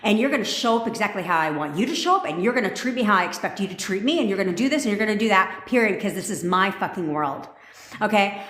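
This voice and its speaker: A woman's voice: mid-range voice, animated, fast talker, fairly bright tone. A woman manifestation coach giving a blunt, profanity-laced pep talk on a live stream. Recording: echoey room.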